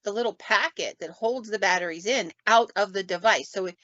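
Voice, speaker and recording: A woman, a paranormal investigator, telling stories in a casual podcast chat and acting out sounds and quotes with lively flair. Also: medium pitch, a little fast. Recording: dull, dry lo-fi recording.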